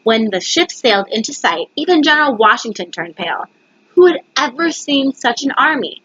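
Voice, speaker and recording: A woman's voice: on the high side, sing-song, normal speed, fairly bright tone, highs cut off, a little hiss or hum. A woman reading a picture book aloud, stumbling over words and correcting herself. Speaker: reader. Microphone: webcam.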